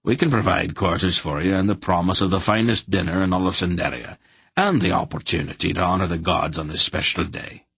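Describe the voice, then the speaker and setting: A stubborn, pious farmer who speaks quietly but will not budge, as a man reads him. The voice is very deep and gravelly, husky rather than clear, heard close and dry. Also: fairly even intonation, a little fast, dry recording, full character voice. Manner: firm, quiet, courteous.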